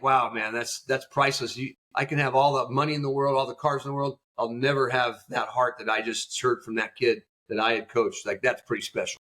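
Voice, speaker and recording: A man, a youth baseball coach, answering as a podcast guest in an animated storytelling way, acting out quotes. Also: mid-range voice.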